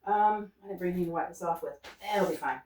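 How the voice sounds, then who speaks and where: Low-voiced woman painting in an echoey studio. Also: fast talker, darkish tone. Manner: thinks aloud while painting, coaxing herself to stay loose. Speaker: painter demonstrating. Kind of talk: unscripted painting demonstration. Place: art studio. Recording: roomy studio sound from a distance.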